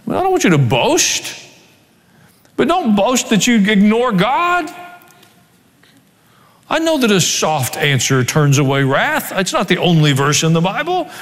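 A man preaching a sermon as pastor, reading scripture and adding dry joking asides in an animated way. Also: high-pitched, a little slow, pauses often. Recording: long hall reverb.

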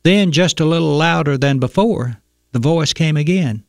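A man hosting a radio commentary segment, telling a story in a measured, folksy way. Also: on the high side, gravelly, no room sound, clean studio sound.

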